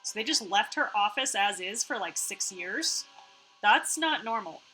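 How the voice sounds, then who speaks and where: A woman's voice: mid-range voice, measured pace, soft background music, poor audio. A woman streamer reading a story game aloud and chatting about it in a playful way. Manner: playful, chatty, reacts with excitement.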